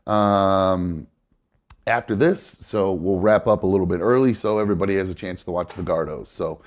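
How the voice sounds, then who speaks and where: A man's voice: sits low, moderate pace. A man hosting a live show, chatting casually about baseball with lots of fillers and restarts, his nose stuffed up. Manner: rambling, many fillers and self-corrections. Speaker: host.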